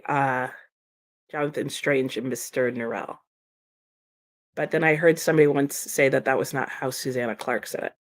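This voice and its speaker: A woman hosting a live reading stream, casually reading out viewer comments and answering them with frequent laughs, sounding a little sleepy this morning. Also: fairly low pitch. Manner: chatty, giggly, reads comments aloud and answers viewers. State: sleepy, slow-brained morning.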